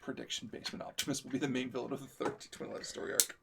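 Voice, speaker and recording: A man's voice: mid-range voice, little pitch movement, racing, vocal fry, very noisy. A young Canadian man chatting on a livestream, jokey and chiming in, explaining things in detail. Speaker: co-host. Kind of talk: casual stream chat and explaining.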